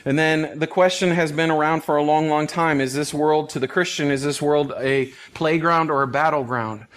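A man preaching as a pastor, reading scripture and explaining it in an earnest, emphatic way, sometimes dropping to a hush or laughing softly. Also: a little high, steady tone, moderate pace. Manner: earnest, emphatic, with soft laughs and hushed phrases. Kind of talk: expository Bible teaching.

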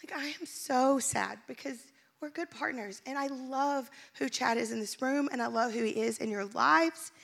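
A woman's voice: sits high, moderate pace, vocal fry, fairly bright tone. A woman pastor speaking candidly to her church, emotional and laughing often. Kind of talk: sermon-style church announcement. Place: church stage.

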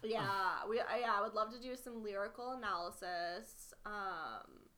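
A woman co-hosting a podcast in casual chat, animated and giggly, repeating herself for emphasis. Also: medium pitch, normal speed. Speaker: podcast co-host.

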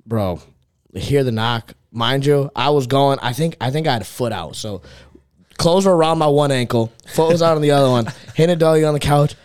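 A man's voice: medium pitch, a little fast, a little mellow, clear, resonant tone, no room sound, clean studio sound. A young man in casual chat, telling profane, rambling stories as a podcast co-host.

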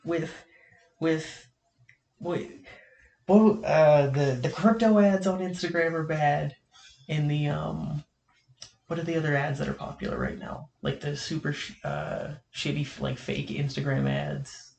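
Young man, podcast host, rambling storyteller, gravelly, echoey room with faint hiss. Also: a little high, fairly even intonation, measured pace, a little mellow. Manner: rambling, lots of filler and laughter. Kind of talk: casual storytelling chat.

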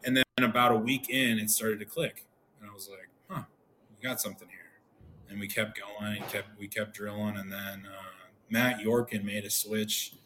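A former pro pitcher in his thirties tells stories casually as a podcast guest, animatedly acting out the lines of people he quotes. His voice is lowish and his speed normal, with a little hiss or hum in the audio.

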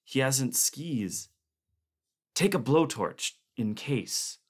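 A man voicing a calm male expedition member who speaks steadily and precisely. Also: medium pitch, very slow, husky, pitched above the performer's own voice, heavily acted. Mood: level.

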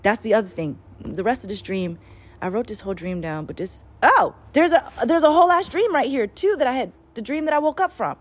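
A woman's voice: fairly high pitch, fairly quick. A woman talking casually as a spiritual channeler, rambling and swearing as she tells a story with lots of energy. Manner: profane, rambling, animated storytelling.

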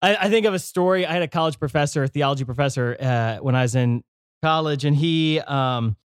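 A young man co-hosting a faith podcast in a studio, telling stories in an animated way with many fillers and restarts. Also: fairly high pitch, fairly quick, clear, resonant tone, no echo. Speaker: podcast co-host.

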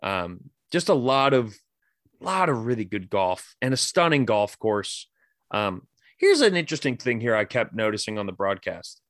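A man's voice: on the low side, sing-song, moderate pace, fairly bright tone, no echo, clean studio sound. A man hosting a casual sports podcast, rambling and swearing loosely, with plenty of filler words. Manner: loose, profane, rambling with lots of "like". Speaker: podcast host.

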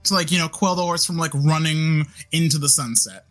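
A man's voice: a little high, a little fast, fairly bright tone, soft background music. Dry-voiced male game master. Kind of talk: running a tabletop game.

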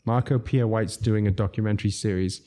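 A Zambian restaurateur appears as a guest in casual chat, telling animated anecdotes, laughing often and acting out the quotes. His voice is on the low side and he talks fairly quickly.

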